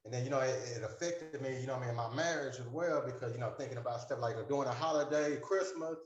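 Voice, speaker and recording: A fast-talking man with a mid-range voice shares a long personal story in a support group, rambling with lots of fillers and acting out recalled conversations. The audio is reverberant and lo-fi, with a loud crowd in the background.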